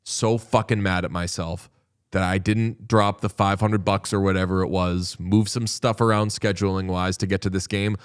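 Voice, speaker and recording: A man's voice: low-pitched, steady tone, moderate pace, clear, resonant tone. Swearing man telling rambling stories. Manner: rambling storytelling, heavy swearing. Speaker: podcast co-host. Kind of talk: casual chat.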